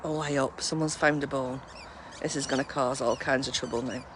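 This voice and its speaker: A woman's voice: extremely low pitch, steady tone, a little fast, noisy background. A woman, a mindfulness class instructor, chatting casually on a live stream from home on a handheld phone and cooing in baby talk at her dogs.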